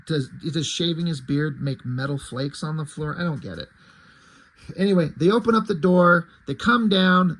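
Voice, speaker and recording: A man talks through a comic book in a relaxed, rambling review, with a voice that sits a little high and has a husky edge. He drops the odd swear word and reads the characters' lines out in a plain way. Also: poor audio. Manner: chatty and loose, swears casually; paraphrases dialogue in a plain reading voice. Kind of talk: casual comic review chat.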